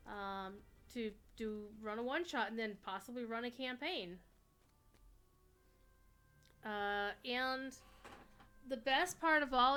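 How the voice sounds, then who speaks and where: A woman livestreaming a game, chatting in a rambling way with sudden excited outbursts. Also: fairly high pitch, clear, resonant tone. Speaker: livestreaming gamer. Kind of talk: casual chat while playing a game.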